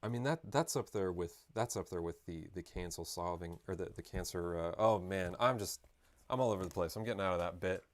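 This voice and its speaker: A man's voice: sits low, fairly quick. Rambling man chatting while painting. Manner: rambling, joking, self-interrupting. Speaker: artist streaming live. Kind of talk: casual live-stream chat while painting.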